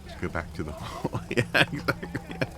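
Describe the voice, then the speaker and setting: A man's voice: low-pitched, very animated, a little fast. A man from the UK chatting casually and rambling while streaming a game, over game music. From United Kingdom. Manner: chatty, rambling, laughs often. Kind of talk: casual chat while gaming.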